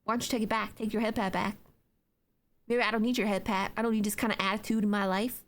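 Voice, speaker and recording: A woman's voice: medium pitch, flat delivery, quick pace. A young adult woman streaming from home, chatting playfully with her chat in a rambling, filler-heavy way between yawns. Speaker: Twitch streamer. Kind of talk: casual live-stream chat, reading chat aloud.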